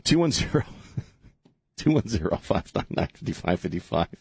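A man's voice: sits low, sing-song, normal speed, husky, no room sound. A man hosting a radio talk show, joking, rambling and laughing as he chats in a studio. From South Texas. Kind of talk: casual radio banter. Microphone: studio microphone.

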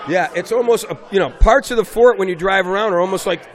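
Animated storytelling man, high voice. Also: fast talker, a crowd in the background. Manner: animated storyteller, raises voice for emphasis. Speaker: basketball coach, guest. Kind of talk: casual interview conversation.

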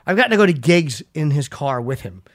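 A man's voice: on the high side, big pitch swings, fairly quick, no room sound, studio quality. A man hosting a podcast, telling rambling self-mocking stories in casual chat and swearing freely. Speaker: podcast host.

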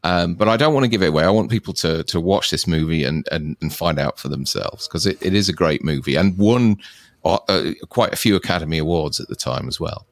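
A man's voice: low-pitched, lively intonation, fairly quick, no echo. A man co-hosting a casual chat about films, rambling and often circling back to finish his thought, with frequent chuckles. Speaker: co-host discussing films.

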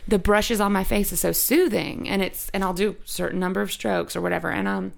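A woman's voice: medium pitch, steady tone, a little fast. A woman hosting a podcast, telling a personal story in casual chat, rambling and frank, swearing freely. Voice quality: creaky.

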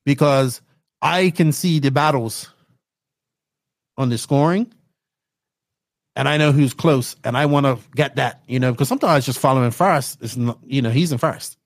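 A young man from Bermuda telling stories as a podcast guest, excitable and animated as he acts out his own reactions. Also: mid-range voice, normal speed, long pauses, no room sound, studio quality. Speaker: podcast guest, race commentator. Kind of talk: casual interview storytelling.

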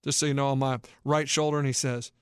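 A man in his thirties hosting a casual talk show, telling a story in an animated way and acting out the voices of the people in it. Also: medium pitch, quick pace, clean tone, no room sound, studio quality. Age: 30s. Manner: animated, acts out quoted voices. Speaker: podcast host.

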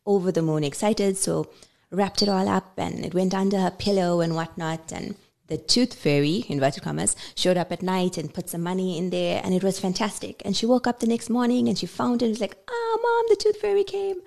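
A woman in her thirties, a podcast guest, chatting casually and telling an animated story, acting out the voices of the people in it. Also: on the low side, fairly quick, gravelly.

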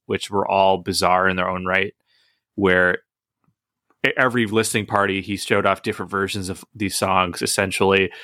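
Low-voiced guy with a punchy bright tone, rambling podcast chat, dry close sound. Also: no room sound. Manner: rambling, animated storyteller with quick asides and restarts. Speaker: podcast co-host. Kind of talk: casual podcast chat about movies.

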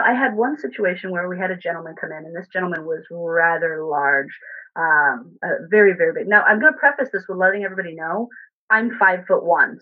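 A woman recounting a work experience in a casual, animated way, with fillers and restarts. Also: on the low side, husky. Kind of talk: casual storytelling. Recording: tinny phone line.

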